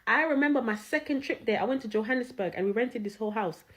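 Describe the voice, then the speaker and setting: A woman telling an anecdote to camera in a slangy, animated way, full of swearing and calling the listener "bruv". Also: on the high side, fast talker. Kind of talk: casual storytelling to camera.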